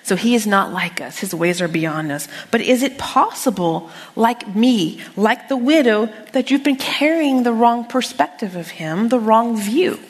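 A woman's voice: on the high side, a little slow, few pauses. Woman preaching in a reverberant hall. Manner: animated, conversational preaching with humor and quoted scripture. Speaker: women's Bible study teacher. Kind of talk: sermon.

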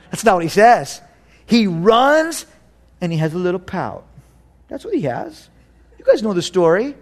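Man preaching, high voice, animated storyteller, acts out quotes. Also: normal speed, long pauses. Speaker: youth pastor. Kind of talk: sermon.

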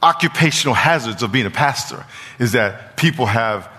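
A man's voice: medium pitch, lively intonation, normal speed, sharp tone. A man preaching a sermon as pastor, emphatic and repetitive, often stumbling and restarting his words. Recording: long reverb of a large hall.

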